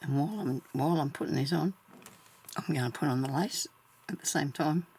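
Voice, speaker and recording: A woman vlogging as she sews, chatting casually to herself and the viewer, often trailing off mid-thought and sometimes dropping to a soft whisper. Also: low-pitched, fairly quick, breathy edge. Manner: drops to soft whispers at times. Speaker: sewing vlogger. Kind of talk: casual thinking aloud while stitching.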